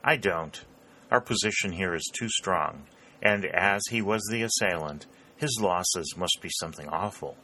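A thoughtful young soldier lays out his view in a calm, low voice, as a male narrator reads him. The tone is steady and bright. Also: measured pace, heavily acted.

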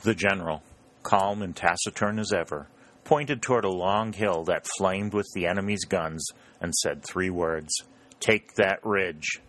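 A man narrating an audiobook in a very low, deep voice. He keeps an even, measured storytelling pace through the scene. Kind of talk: scripted narration.

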